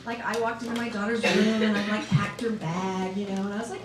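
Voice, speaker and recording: A middle-aged woman performs a chatty, self-mocking stand-up set on a comedy club stage, asking the audience questions. She talks fairly quickly in a steady, medium-pitched voice, hardly pausing. The club is echoey, the mic distant, and there's background noise from a loud, laughing audience.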